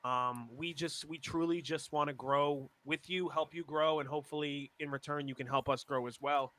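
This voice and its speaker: A man's voice: on the high side, moderate pace. A man from Roxbury, Massachusetts, talking casually as a podcast guest, rambling with lots of fillers. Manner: rambling, filler-heavy, excited. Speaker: guest rapper.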